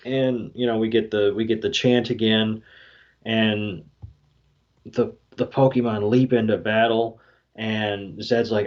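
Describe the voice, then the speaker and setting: Podcast co-host, male, unhurried and rambling, slightly low, muffled home recording. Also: level tone. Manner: slow, filler-heavy retelling with quoted lines. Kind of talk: casual podcast recap. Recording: dull lo-fi podcast audio.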